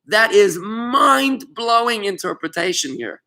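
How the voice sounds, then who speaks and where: A man's voice: high-pitched, normal speed, a bit bright. A man teaching a Torah lesson to students in an online class, speaking with passion and emphasis, often calling on students by name.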